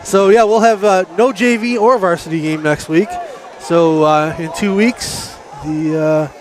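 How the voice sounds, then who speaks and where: A man co-commentating a high school football game outdoors, matter-of-fact as he reads sponsors and scores. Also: a little slow, a crowd in the background, noisy background. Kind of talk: sports commentary.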